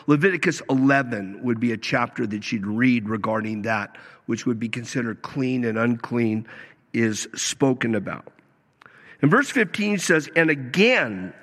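A man's voice: on the high side, pushed and bright. A man preaching a sermon, emphatic, acting out the quoted lines as he goes. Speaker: pastor. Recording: long reverb of a hall.

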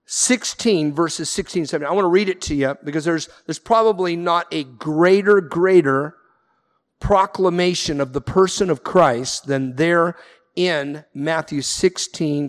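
High-voiced preacher in a reverberant hall. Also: male voice. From Southern California. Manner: emphatic preaching with repeated refrains. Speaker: pastor. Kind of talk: sermon.

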